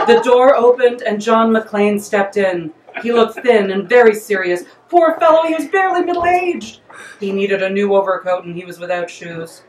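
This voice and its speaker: A woman author reading her comic story aloud in a lively, playful way. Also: medium pitch, normal speed, roomy sound, distant mic, noisy background. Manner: lively, playful, breaks into laughter.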